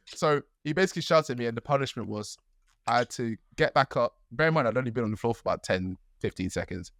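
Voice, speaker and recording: Animated man telling a story. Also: medium pitch, quick pace, no echo, clean studio sound. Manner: animated storytelling, acts out quotes. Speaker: podcast co-host. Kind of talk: casual chat.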